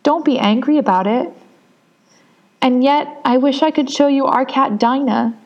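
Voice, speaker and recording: A woman's voice: high-pitched, measured pace, darkish tone, lo-fi sound, pitched above the performer's own voice. A woman reading a soothing, chatty young girl. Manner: soothing, eager.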